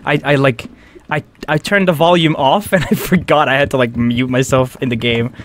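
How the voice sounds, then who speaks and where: A woman variety streamer guesting on a casual stream, giggly and animated, stumbling over quick restarts. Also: extremely low pitch, slight background noise. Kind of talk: casual gaming stream chat.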